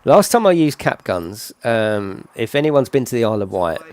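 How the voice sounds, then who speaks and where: A man's voice: mid-range voice, big pitch swings, moderate pace, darkish tone. A middle-aged man giving casual, rambling game commentary full of tag questions. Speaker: gaming channel host.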